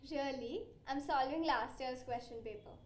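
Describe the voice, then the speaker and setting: Young woman playing teenage schoolgirl, hesitant, dry sarcasm, high voice. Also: moderate pace, darkish tone, slight background noise, natural voice. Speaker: student.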